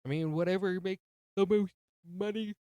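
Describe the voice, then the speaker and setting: Guy chatting thru a movie plot on a podcast, crisp voice, no room echo. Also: high voice, fairly even intonation, moderate pace, mellow, highs cut off. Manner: retells plot loosely, jokey asides. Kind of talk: casual film recap chat.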